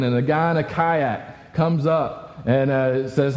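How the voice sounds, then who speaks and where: A man's voice: medium pitch, takes it slowly, few pauses, darkish tone, in a large hall. A man giving a casual, conversational sermon as a pastor, talking with many fillers and restarts.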